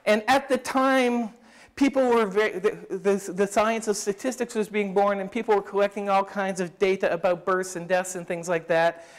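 A man's voice: sits high, steady tone, normal speed. A man giving an academic lecture at a summer school, thinking aloud with frequent restarts and speeding through quoted passages.

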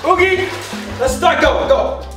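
Excited man, high-pitched, lively swings, bathroom echo, background music, shouty vlog host. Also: takes it slowly. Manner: hyper, shouty, giggly, lots of slang. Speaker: vlogger host. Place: in a bathtub at home.

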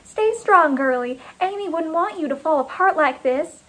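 Nosy, fawning woman baker, read by a woman, high and saccharine. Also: expressive, a little slow. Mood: sugary. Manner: saccharine, pushy.

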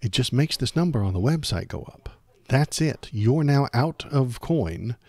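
A man's voice: mid-range voice, lively intonation, a little slow, warm tone, no echo. A man hosting a live stream of casual political commentary. He rants in a sarcastic, exasperated way and repeats phrases for emphasis. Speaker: streamer host.

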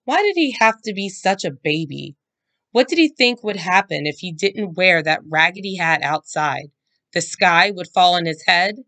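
A woman reading a children's chapter book aloud, with slow, expressive storytelling. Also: fairly low pitch. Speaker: guest reader.

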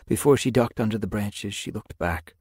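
A man narrating an audiobook in a measured storytelling manner. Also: lowish voice, a little mellow, husky, no echo, clean studio sound. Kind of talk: scripted narration.

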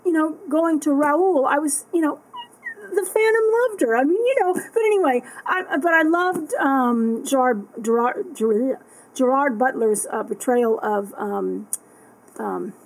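A woman's voice: high voice, lively intonation, a little slow, rough recording. A woman vlogging at home at night, chatting to her camera in a rambling way with many fillers and restarts. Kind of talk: casual rambling monologue to camera. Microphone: camera that tracks her.

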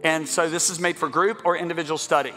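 A man's voice: on the high side, fairly even intonation, fast talker, bright, forceful tone. A man preaching as a guest speaker, fervent and exhorting, leading a healing prayer and talking to the crowd. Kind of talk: sermon with healing prayer and book talk. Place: large church sanctuary. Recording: long hall reverb, faint music.

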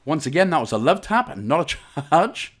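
A man's voice: fairly high pitch, very animated, normal speed, a bit bright. A young Welsh man talking through a game walkthrough, giving step-by-step instructions broken up by jokey, rambling asides. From Wales. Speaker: game guide narrator. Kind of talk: commentary over gameplay walkthrough.

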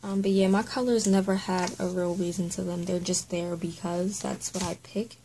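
A woman's voice: on the low side, little pitch movement, normal speed, warm tone, slight background noise, low-quality recording. A woman hosting a casual Bible study at home, chatty and apologetic, spelling out words letter by letter.

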